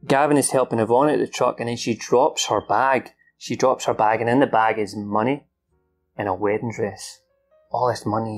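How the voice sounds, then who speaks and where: Gravelly man excitedly recapping a film. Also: medium pitch. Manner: animated, swears often, acts out characters' lines. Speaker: film reviewer. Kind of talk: unscripted plot recap.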